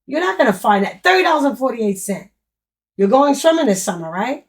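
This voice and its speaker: Excited woman hyping bargain finds. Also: a little high, brisk. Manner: enthusiastic, repeats prices and exclamations for emphasis. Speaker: online business creator. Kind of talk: excited screen-share product walkthrough.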